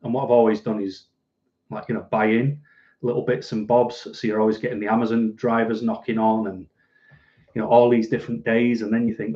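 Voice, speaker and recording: Male streamer, chatty and relaxed, warm low-key tone, muffled home-mic audio. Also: fairly quick. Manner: chatty and rambling, laughs easily. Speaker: livestream host reading viewer comments. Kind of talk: casual live chat. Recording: dull lo-fi recording.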